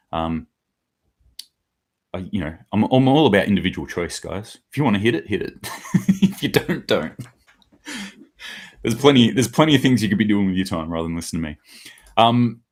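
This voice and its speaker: A middle-aged man hosting a solo news commentary, blunt and sarcastic, acting out quotes in mock voices. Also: sits low.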